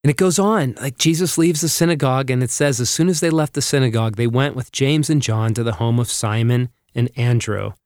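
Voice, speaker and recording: A man leads a reflective Bible teaching on a podcast, reading passages aloud slowly and earnestly. His voice sits at an ordinary middle pitch. The sound is dry and close to the mic. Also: a little mellow, no echo. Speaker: podcast co-host.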